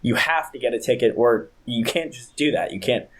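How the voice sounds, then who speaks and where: A man acting out an exasperated police officer who explains the rules in a lowered voice. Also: fairly quick, fairly bright tone, natural voice.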